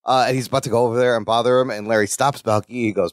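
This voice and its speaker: A man's voice: medium pitch, steady tone, racing, hardly any pauses, no echo. A man co-hosting a podcast, recapping a sitcom with dry humor and acting out the characters' lines. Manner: wry, acts out characters' lines in quotes. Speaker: podcast co-host. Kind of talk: casual rewatch podcast recap.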